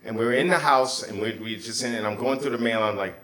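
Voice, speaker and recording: A man telling a personal story on stage at a live storytelling show, animated and excitable, with loud bursts and hushed asides. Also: medium pitch, fast talker. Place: small theater before a live audience. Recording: roomy live theater sound.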